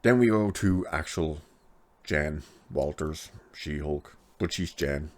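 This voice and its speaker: A man's voice: extremely low pitch, slow pace. A man giving a chatty, sarcastic recap of a TV episode, laughing at his own jokes. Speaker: TV episode reviewer.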